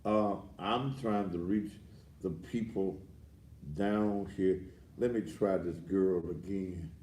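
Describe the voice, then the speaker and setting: A man hosting a ranting commentary show, boisterous and rambling with sudden loud outbursts, heard on a distant mic. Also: sits low, fairly even intonation, slow, echoey room, slight background noise. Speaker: host.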